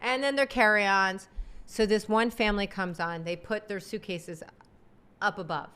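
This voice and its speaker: A woman co-hosting a podcast, telling a story in a casual, exasperated way and acting out the people in it. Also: medium pitch. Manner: animated, exasperated, acts out quotes. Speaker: podcast co-host.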